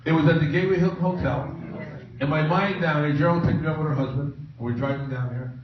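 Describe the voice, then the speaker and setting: A middle-aged man tells a joking, self-mocking story from a conference stage, his voice pitched a little high. He sounds far from the mic in a very echoey room. The sound is muffled, with clear background noise. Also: fairly even intonation, fast. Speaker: conference speaker. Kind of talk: humorous personal storytelling speech. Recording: echoey, distant, muffled, noisy room recording.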